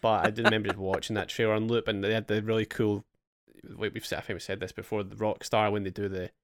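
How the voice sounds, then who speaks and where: A young man with a lowish voice hosts a casual gaming podcast. He tells long relaxed stories and swears freely. The sound is dry and close. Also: fast, dry recording. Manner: relaxed storytelling, swears, acts out his past excitement. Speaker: podcast host. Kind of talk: casual chat.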